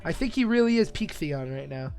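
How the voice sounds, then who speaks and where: A young man streaming live reaction commentary, excitable and profane, rambling between bursts of laughter. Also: a little high, a little fast.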